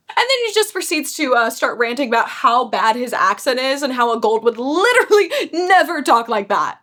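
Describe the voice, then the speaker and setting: A young woman casually recapping a novel for her vlog, animated and gushing, often laughing. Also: high voice, brisk. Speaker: book vlogger.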